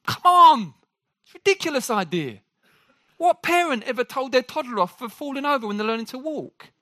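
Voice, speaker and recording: A man preaching a sermon to a congregation. He jokes with the room and talks in an animated way. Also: very high-pitched, fairly quick, dry recording, studio quality.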